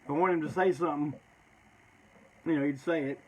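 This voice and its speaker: A man's voice: on the high side, steady tone, brisk, poor audio. A man telling stories in a loose, rambling, profane way, often tacking "man" onto his sentences. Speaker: storyteller. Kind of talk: casual storytelling.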